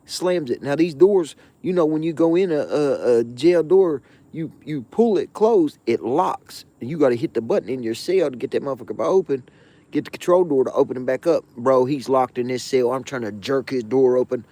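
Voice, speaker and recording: Profane, animated storytelling man, mellow voice. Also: mid-range voice, normal speed. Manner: profane, slangy, animated, with frequent asides. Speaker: show host. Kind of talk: casual storytelling of a jail anecdote.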